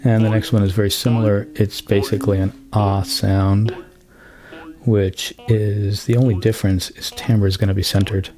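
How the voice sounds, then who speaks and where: A man casually explaining synthesizer settings step by step, in a relaxed hands-on demonstration. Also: lowish voice, normal speed, music in the background. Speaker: synth tutorial host. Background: synthesizer sounds playing.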